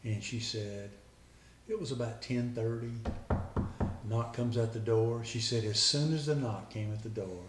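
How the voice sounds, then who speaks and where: Recorded from a distance in an echoey room, a man recounts a past conversation line by line with earnest care. He's a guest telling a personal story in a medium-pitched, unhurried voice, with background noise and faint ambience in the recording.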